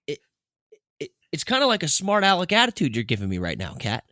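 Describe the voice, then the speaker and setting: A man's voice: a little high, wildly swooping pitch, a little fast, bright, forceful tone, no room sound, studio quality. A man co-hosting a podcast, chatting casually and acting out talks with his pet. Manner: chatty storyteller, acts out talks with his cat. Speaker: podcast co-host. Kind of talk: casual chat.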